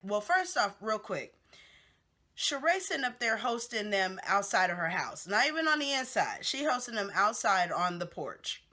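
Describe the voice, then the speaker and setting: A woman's voice: mid-range voice, lively intonation, a little slow, sharp tone. A woman hosting a casual gossip recap of a reality show, chatty and candid with lots of fillers and asides.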